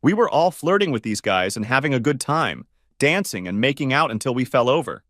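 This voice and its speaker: A man's voice: medium pitch, big pitch swings, fairly quick, fairly bright tone, dry recording, studio quality, pitched above the performer's own voice. A man voicing a frank, exasperated young woman friend in a story reading. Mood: blunt.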